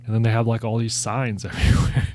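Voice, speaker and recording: A man's voice: on the low side, little pitch movement, fast talker, darkish tone. A man co-hosting a podcast, telling a long rambling family story in casual chat and laughing as he goes. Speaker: podcast co-host.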